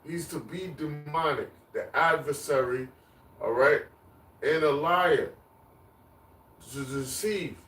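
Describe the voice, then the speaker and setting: A man's voice: a little high, slow pace, long pauses, a bit bright, faint music behind. A man preaching on the street, emphatic and repetitive, chanting lists of words. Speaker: street teacher. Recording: echoey, distant mic, faint ambience.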